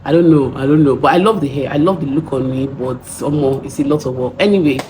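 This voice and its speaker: A woman's voice: extremely low pitch, fairly even intonation, fairly quick, mellow, slight background noise. A young Nigerian woman with a Nigerian accent, telling a story in a chatty vlog and acting out the voices she quotes. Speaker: vlogger.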